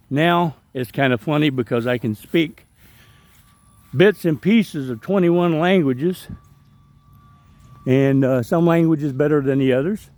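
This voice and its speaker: Slow gravelly Southern man. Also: on the high side, darkish tone, no room sound. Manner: rambling, chatty, self-deprecating. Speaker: travel vlogger. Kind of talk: casual walkthrough narration. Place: outdoor park.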